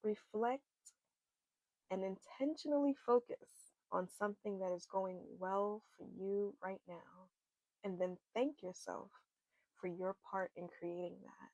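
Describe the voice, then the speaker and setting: Woman card reader, unhurried and low, gentle earnest spiritual guidance, dull dry lo-fi recording. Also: vocal fry, no room sound. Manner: gentle, repetitive, earnest encouragement. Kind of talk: oracle card reading, encouraging message.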